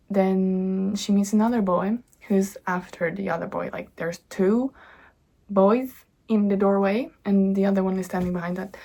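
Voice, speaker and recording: A woman's voice: medium pitch, warm tone. A young woman casually chatting about her own book at home, rambling, bubbly and easily sidetracked. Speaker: author and vlogger. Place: home indoors.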